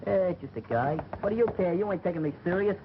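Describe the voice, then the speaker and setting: A fast-talking New street kid. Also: male voice, high voice. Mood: determined. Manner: fast, stubborn, street slang. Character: eager young male street kid set on being a jockey. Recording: muffled, slightly hissy 1940 film soundtrack.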